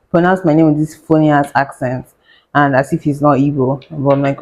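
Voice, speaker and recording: A young female doctor and vlogger chats through a story while cooking, sarcastic and laughing, muttering now and then to herself. Her low voice is a little mellow, with fairly even intonation at a normal speed, though the audio is poor.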